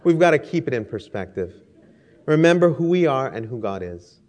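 A man's voice: medium pitch, big pitch swings, moderate pace, darkish tone. A male pastor delivers a sermon with emphatic, rhetorical phrasing. He builds lists for effect and slips easily into storytelling.

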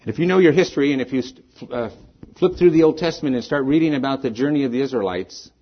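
A middle-aged man preaches a sermon in church, with a husky voice. His delivery swings from loud peaks down to quiet, fading ends. The recording sounds dull and lo-fi. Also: mid-range voice, quick pace. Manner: dynamic preaching, rising then falling away to soft endings. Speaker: pastor.

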